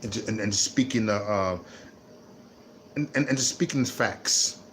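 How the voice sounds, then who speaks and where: A man ranting on his vlog, repeating himself and swinging between low muttering and loud laughing outbursts. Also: unhurried, a little hiss or hum. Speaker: vlogger. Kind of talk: unscripted livestream rant.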